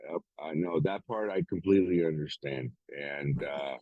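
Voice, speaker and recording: A middle-aged man with a rumbling low voice co-hosts a podcast at normal speed, chatting bluntly, swearing heavily, and acting out other people's lines. The audio is narrow and tinny with no room sound.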